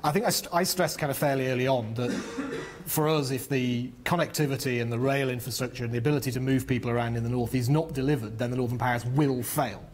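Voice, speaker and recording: A man's voice: mid-range voice, fairly even intonation, fast, few pauses. A middle-aged man from northern England, speaking at a panel discussion, fluent but full of ums and restarts. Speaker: panel speaker on business and infrastructure. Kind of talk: explaining at a public discussion.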